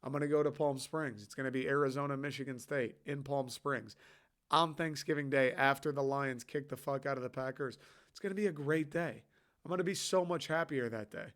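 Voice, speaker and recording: A man's voice: medium pitch, brisk, a bit bright. A young man hosting a solo podcast, rambling loosely and swearing casually. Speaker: podcast host.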